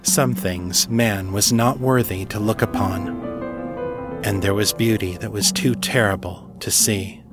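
A man who is an author and podcast host, reading his fiction in a measured, deliberate way. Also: fairly low pitch, fairly even intonation, over loud music. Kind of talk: scripted fiction narration.

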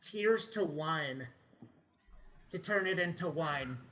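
A man's voice: fairly high pitch, expressive, takes it slowly, pushed and bright. A man playing a tabletop game, chatting casually with many hesitant fillers. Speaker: player.

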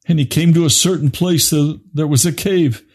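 A man preaching an impassioned sermon, swinging from low grave tones to high urgent pleading. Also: fairly even intonation, moderate pace, husky.

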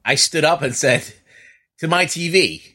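A man's voice: a little high, a little slow, pushed and bright, slightly rough. A man co-hosting a casual movie review podcast, exasperated, swearing and filling his speech with "like". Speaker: podcast co-host.

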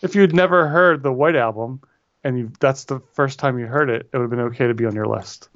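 A man's voice: medium pitch, a little fast, no echo. A man co-hosting a casual podcast chat, rambling and correcting himself with wry asides. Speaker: podcast co-host. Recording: dull lo-fi audio.

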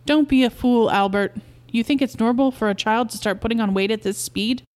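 A woman's voice: fairly high pitch, brisk, a little mellow, natural voice. A woman reading a story aloud and voicing an anxious mother who scolds her husband sharply. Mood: scolding. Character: anxious, stern wife and mother.

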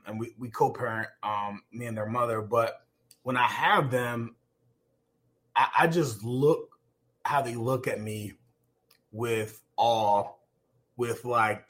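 A man's voice: medium pitch, slow pace, fairly bright tone. A man in his forties, a former football player, telling his life story earnestly on a podcast, with many fillers and restarts. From United States. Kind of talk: reflective personal storytelling.

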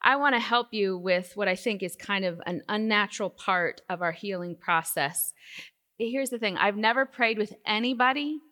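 A woman speaking at a Christian women's conference, telling a personal story with lively, animated delivery, recorded live in a hall. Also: medium pitch, moderate pace. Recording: hall reverb from a live venue.

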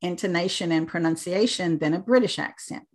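An American woman working as an accent coach, explaining things clearly as an interview guest and turning animated when she tells stories. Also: on the low side, a little fast. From United States.

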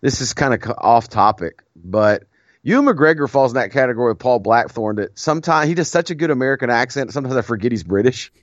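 A man's voice: mid-range voice, animated, fast, no echo, dull audio. A man co-hosting a podcast in casual chat, rambling and digressing with frequent restarts. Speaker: podcast co-host.

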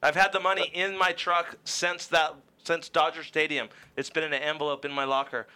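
A man's voice: fairly high pitch, flat delivery, fairly quick, sharp tone, clean tone. Blunt, cursing man arguing on radio. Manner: blunt, profane, exasperated. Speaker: racer guest. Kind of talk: heated studio radio banter.

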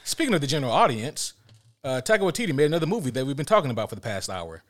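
Lively-voiced man steering a film chat. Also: medium pitch, racing. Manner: steers the talk, relaxed. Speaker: podcast co-host. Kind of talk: casual movie review chat.

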